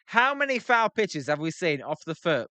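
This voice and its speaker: In a fairly high, sing-song voice that's pushed and bright, a young British man talks at a moderate pace with no room sound. He hosts a live stream, giving relaxed baseball commentary, chatting with viewers, and playing with pronunciations.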